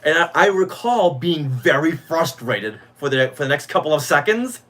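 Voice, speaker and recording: A man's voice: fairly high pitch, lively intonation, normal speed, a bit bright. A middle-aged man co-hosting a podcast, telling nostalgic stories with enthusiasm. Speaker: podcast co-host. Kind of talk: casual fan podcast chat.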